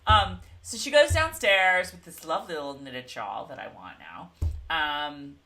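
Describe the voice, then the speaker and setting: Woman, co-host of a casual recap show, lowish bright voice, very lively storyteller. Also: measured pace. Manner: animated storyteller, acts out characters' lines. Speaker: podcast co-host.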